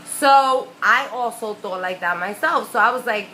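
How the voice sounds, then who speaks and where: A woman's voice: on the high side, moderate pace, hardly any pauses, pushed and bright, a little hiss or hum, rough recording. A young woman telling a story in a chatty, profane storytime vlog. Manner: chatty, profane, full of fillers. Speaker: vlogger.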